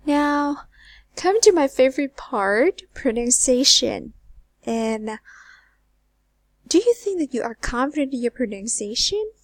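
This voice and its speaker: A woman teaching an English lesson, asking learners questions and repeating words slowly, with phrase ends trailing to a near whisper. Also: sits high, sing-song, dry recording. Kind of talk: recorded online lesson.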